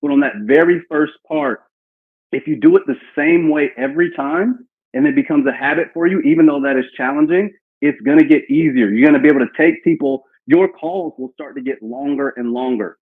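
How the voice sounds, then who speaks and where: A man's voice: fairly high pitch, brisk, husky. A man running a live sales training session, coaching a team on cold-call lines and acting out example phone talk. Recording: tinny phone-like call audio.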